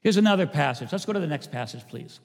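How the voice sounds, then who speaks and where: A man, a pastor, preaching a sermon, swinging between loud emphasis and hushed asides. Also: a little high, expressive, quick pace, creaky. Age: older. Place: church sanctuary. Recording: church hall reverb.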